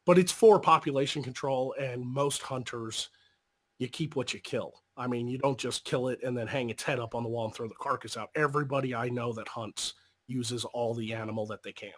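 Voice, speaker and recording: A young man, chatting loosely on a stream, rambling and swearing, quick to laugh. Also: medium pitch, a bit bright. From Arkansas. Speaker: podcast co-host. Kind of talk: casual chat on a live stream.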